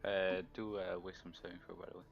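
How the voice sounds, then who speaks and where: Low-voiced game master, dull lo-fi sound. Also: male voice, flat delivery, fast, vocal fry, faint music behind. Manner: brief, matter-of-fact rulings. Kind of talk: running a tabletop game. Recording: dull lo-fi recording.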